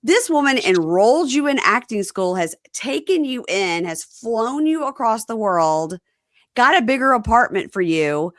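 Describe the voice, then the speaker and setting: A woman's voice: fairly high pitch, unhurried, dry recording, clean studio sound. A woman hosting a casual podcast chat, recapping a reality show and acting out the cast's lines. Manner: animated, lots of acted quotes. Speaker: podcast host.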